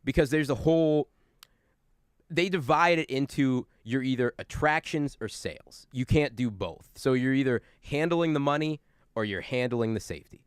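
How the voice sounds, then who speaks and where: A man in his forties, a guest on a talk show, telling animated stories in casual chat and acting out angry customers. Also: medium pitch, normal speed, clean tone, dry recording, clean studio sound.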